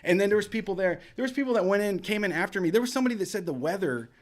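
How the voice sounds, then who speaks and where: A man's voice: high-pitched, rapid-fire. A young man on a casual radio talk show, telling a wild story with lots of swearing and acted-out quotes. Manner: profane, animated storyteller acting out quotes. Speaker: podcast co-host.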